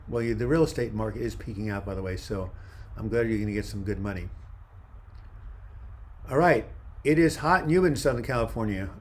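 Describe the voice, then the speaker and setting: A man's voice: lowish voice, a little fast, long pauses. A man in his seventies hosting a casual livestream outdoors, rambling as he reads viewer comments aloud into a phone held in one hand. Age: 70s. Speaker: livestream host. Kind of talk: casual livestream chat answering viewer questions. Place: outdoors by a river waterfront.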